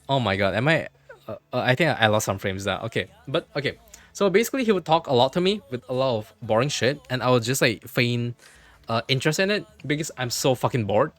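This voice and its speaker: A man livestreaming from his computer, telling a story in an animated way, repeating himself and swearing freely. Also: medium pitch, a little fast, no room sound.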